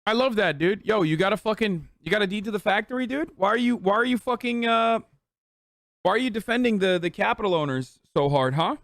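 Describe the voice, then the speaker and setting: A man's voice: high-pitched, a little fast, fairly bright tone, no room sound, clean studio sound. Profane ranting male streamer. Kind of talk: casual live-stream commentary.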